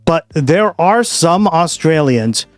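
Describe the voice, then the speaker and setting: A man's voice: a little high, expressive, slow, dry recording, faint music behind. A man hosting a stream, chatting casually and reacting to his viewers. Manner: laid-back, reacting to chat. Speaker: streamer host.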